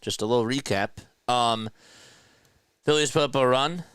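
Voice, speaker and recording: A man doing casual live baseball play-by-play as a fan streamer, chatting and joking with viewers between pitches. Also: normal speed, a bit bright, clean tone, no room sound, clean studio sound. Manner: jokey, laughs at himself.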